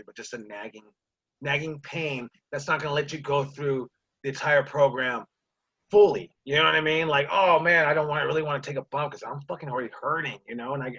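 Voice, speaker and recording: Profane, bright-voiced male wrestling coach. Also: on the high side, lo-fi sound. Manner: profane, rambling, calls listener dude and brother. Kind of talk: casual coaching talk with a personal story. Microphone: video call.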